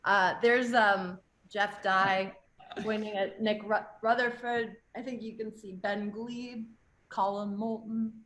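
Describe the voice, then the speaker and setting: A woman's voice: medium pitch, fairly even intonation, slow pace, fairly bright tone. Woman guest, breezy and dry-witted. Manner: breezy, laughs often, dry quips. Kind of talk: casual chat.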